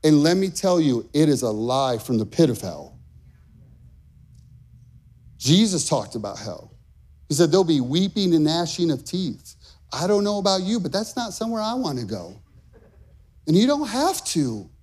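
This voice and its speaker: High-voiced man preaching with fervor. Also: big pitch swings, moderate pace, long pauses. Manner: impassioned, emphatic preaching with rising shouts. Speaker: pastor. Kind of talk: sermon.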